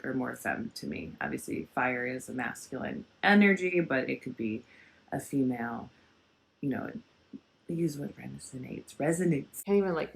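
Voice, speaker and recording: A woman's voice: rumbling low, gravelly. A young woman giving a casual tarot card reading, rambling and chatty, swearing now and then and filling her talk with "like". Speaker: tarot reader.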